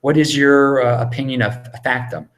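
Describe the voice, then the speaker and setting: A man in his thirties from Baltimore, hosting a casual live Q&A at home, rambling and excitable with many restarts. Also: mid-range voice, normal speed. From Baltimore, USA. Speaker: livestream host answering viewer questions. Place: home, indoors.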